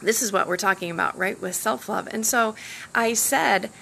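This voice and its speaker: A woman coach talking casually outdoors by the ocean, animated and acting out quoted dialogue, with a slight sore throat. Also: medium pitch, moderate pace, gravelly, slight background noise, poor audio. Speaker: self-love coach and hypnotherapist. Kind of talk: casual live-stream talk.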